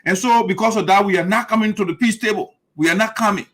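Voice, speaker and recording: A man's voice: sits high, fast talker, a bit bright, rough recording. A man hosting heated political commentary, emphatic and repetitive, often mimicking his opponents' lines. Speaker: show host.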